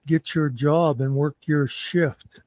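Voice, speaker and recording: A man with a slightly high voice tells blunt, joking stories in a casual livestream chat. His sound is dry and close to the mic. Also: fairly even intonation, slow, darkish tone, no echo.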